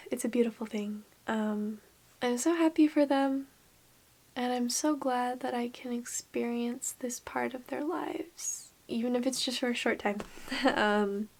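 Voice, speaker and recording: A young woman vlogging casually, speaking softly and emotionally, often slipping into a whisper. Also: fairly high pitch, a little slow. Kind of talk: casual vlog chat.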